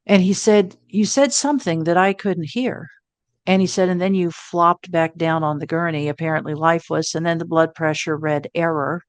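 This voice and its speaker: Lower-voiced woman in her sixties, dry sound. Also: dry recording. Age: 60s. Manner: animated storyteller who acts out quoted thoughts with self-mocking humor. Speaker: guest. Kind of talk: casual storytelling in an interview.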